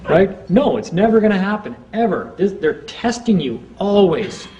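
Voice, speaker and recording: A man giving an informal seminar talk to a small group, chatty, acting out courtroom exchanges in quick quoted voices. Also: high-pitched, big pitch swings, warm tone, highs cut off. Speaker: seminar speaker.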